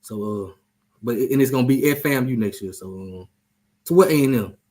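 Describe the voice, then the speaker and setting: A man's voice: medium pitch, brisk, a little mellow. A man hosting a casual sports chat show, talking loosely, joking and trash-talking. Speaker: show host.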